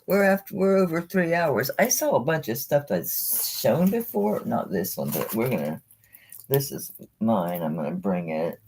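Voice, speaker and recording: A woman running a live jewelry sale, chatting excitedly and talking to the pieces she pulls out. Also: extremely low pitch, a little hiss or hum. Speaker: online jewelry seller. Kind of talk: live-stream sales chat.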